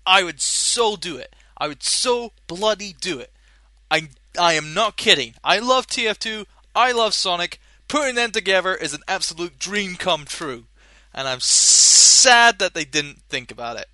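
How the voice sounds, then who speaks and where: A young man hosting a casual solo podcast, rambling and animated, swearing casually and laughing at his own jokes. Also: high-pitched, a little slow, no room sound. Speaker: podcast host.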